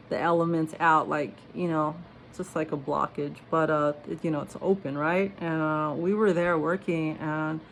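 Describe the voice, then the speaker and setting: A woman's voice: fairly low pitch, a bit bright, slight background noise. Rambling woman telling strange stories. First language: not English. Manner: rambling, many fillers and "you know". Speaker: storyteller. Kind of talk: casual personal storytelling.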